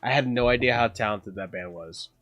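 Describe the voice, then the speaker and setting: A man's voice: medium pitch, brisk, dry recording, lo-fi sound. A man casually telling a story on a livestream, rambling and profane, full of "bro" and "like". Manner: animated, laughing through the story.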